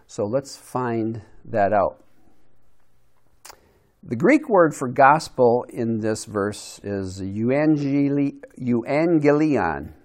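A man's voice: mid-range voice, animated, drawn-out words. A man giving a conversational Bible lesson to a group, asking them questions and restarting his sentences as he thinks aloud. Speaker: Bible teacher.

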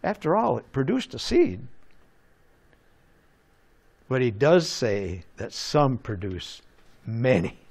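A man preaching a sermon in an animated way, asking rhetorical questions and chuckling now and then. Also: mid-range voice, a little slow, creaky.

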